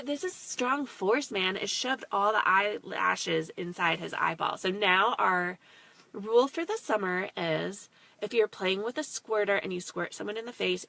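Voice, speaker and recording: Bright, chatty, swearing young mom. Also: female voice, medium pitch, creaky, no echo. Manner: chatty, rambling, swears casually, many "like" and "um". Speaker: mom vlogger hosting a live stream. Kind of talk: casual live-stream talk to viewers.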